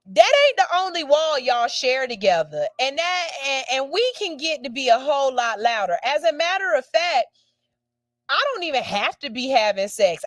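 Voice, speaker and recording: A woman's voice: sits high, no echo. A woman radio host reads out a listener's letter and gives a blunt, sassy, profane verdict with theatrical outbursts.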